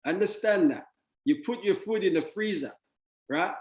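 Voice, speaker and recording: A man's voice: sits high, animated, normal speed, a little mellow, roomy sound. A man giving a motivational talk on money, playful with wordplay and laughs, then blunt and dismissive.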